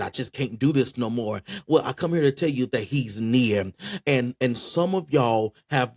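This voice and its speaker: A man's voice: mid-range voice, darkish tone. A man preaching a sermon with passion, often repeating words as he restarts his phrases. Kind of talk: spoken sermon.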